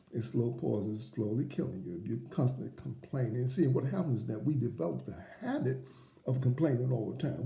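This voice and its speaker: A man's voice: mid-range voice, creaky, mellow, roomy sound. A man hosting a motivational faith program, preaching emphatically in repeated phrases and rhetorical questions.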